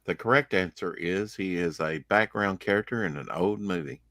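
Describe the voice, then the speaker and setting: A man's voice: low voice, normal speed, bright, forceful tone, no room sound. A man chatting casually while gaming, rambling with many fillers and restarts. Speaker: streamer.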